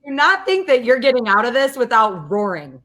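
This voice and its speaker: A woman's voice: fairly high pitch, very animated, normal speed, fairly bright tone. A woman co-hosting a sports talk show, teasing her colleagues in playful casual chat. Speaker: co-host.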